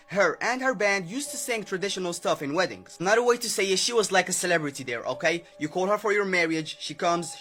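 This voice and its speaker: Chatty high-voiced male storyteller. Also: a bit bright. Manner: chatty, filler-heavy, addresses listener. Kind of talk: casual storytelling. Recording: faint background music.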